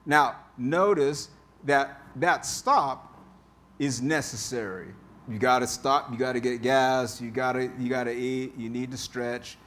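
Slow-speaking male pastor preaching. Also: mid-range voice, a bit bright. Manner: conversational, repeats key phrases for emphasis. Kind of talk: sermon. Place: church sanctuary.

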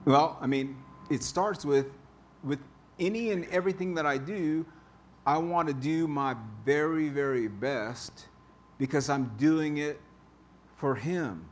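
A man's voice: on the high side, measured pace, slight background noise. A male pastor giving a conversational sermon in a church, repeating key phrases for emphasis. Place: church sanctuary.

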